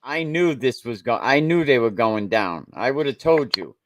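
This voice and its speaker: A man's voice: mid-range voice, expressive, normal speed, a bit bright, slight background noise. A man hosting a casual sports talk over a call, speaking bluntly and repeating himself as he argues. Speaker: show host.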